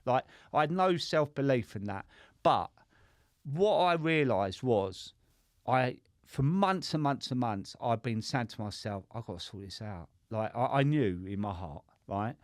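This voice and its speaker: Here the guest, a middle-aged sobriety coach, sounds unhurried, his medium-pitched voice full of lively intonation. He recounts his story conversationally, with curses and repeated "right?" checks. The clean studio recording has no echo.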